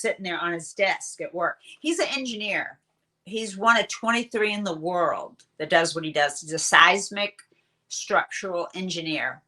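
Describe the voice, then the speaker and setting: A woman in her sixties, a guest on an interview show, telling chatty, animated stories full of fillers. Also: mid-range voice. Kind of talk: casual storytelling interview.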